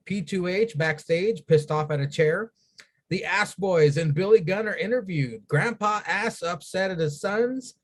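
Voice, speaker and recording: A man with a slightly raised pitch hosts a casual chat show. He reads recap lines and tosses in wisecracks as he goes. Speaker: podcast host.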